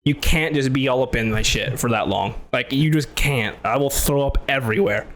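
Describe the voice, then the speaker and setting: A man on a casual podcast spins an animated story, acting out the other person's lines in his own voice. His pitch sits in the middle range, and he says "like" a lot and swears freely. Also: moderate pace, a little hiss or hum. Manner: animated, acts out both sides of the story, laughs loudly. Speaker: podcast host.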